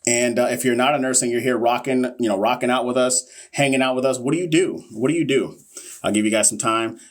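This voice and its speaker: A man with a medium-pitched voice talks fast while hosting a live nursing exam review. Playful and joking, he speaks straight to viewers and reads the questions casually in this casual livestream teaching.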